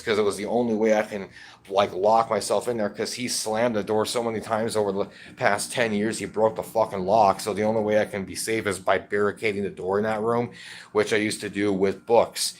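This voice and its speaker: Low-voiced man ranting and cursing. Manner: rambling, heavily profane, agitated. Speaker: vlogger. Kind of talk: personal video update.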